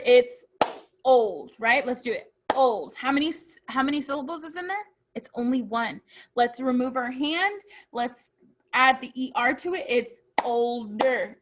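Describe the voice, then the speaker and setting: A woman's voice: high-pitched, noisy background. A woman teaching a children's phonics lesson, patiently asking questions and answering them herself.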